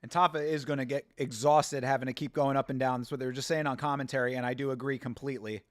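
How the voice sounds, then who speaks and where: Talking fast in a medium-pitched voice, this watch-along host shouts at fighters, laughs often and gives casual, excited reactions. He's close to the mic, and the recording is dry.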